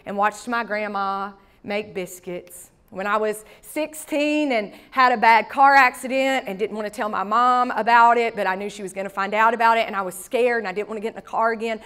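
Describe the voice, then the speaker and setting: A woman pastor with a medium-pitched, clean and slightly bright voice preaches briskly with few pauses. Her storytelling sermon is chatty and conversational, full of folksy stories and side remarks.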